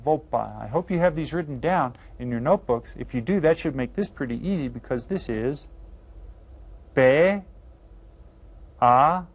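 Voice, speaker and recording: A man teaching an elementary Spanish video lesson. He is upbeat, playful and encouraging, and he draws out each new word slowly and carefully. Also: medium pitch, lively intonation, darkish tone, breathy edge.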